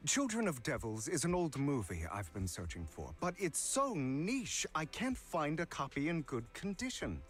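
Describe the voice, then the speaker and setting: An actor playing a suave, mysterious male collector, speaking in smooth, courtly, flattering game dialogue. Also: fairly high pitch, moderate pace, few pauses, soft background music. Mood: probing.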